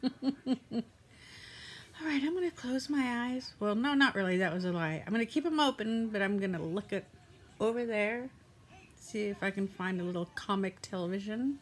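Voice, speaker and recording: Seated at home, an older vlogger from Southern California talks casually to camera, meandering and making fun of herself. She speaks in a mid-range voice at a moderate pace, pausing often, recorded on a phone or camera.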